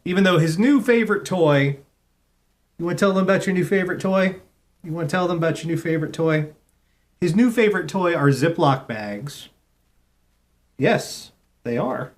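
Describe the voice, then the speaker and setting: A young adult man hosting a casual live internet radio show, cooing softly in baby talk to his cat between announcements. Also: a little high, moderate pace, pauses often.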